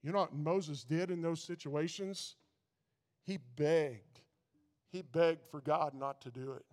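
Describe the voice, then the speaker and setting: A man's voice: on the high side, a little slow, darkish tone. A man pastor giving an informal sermon, talking casually to his congregation and building to fervent intensity. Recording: long reverb of a large hall.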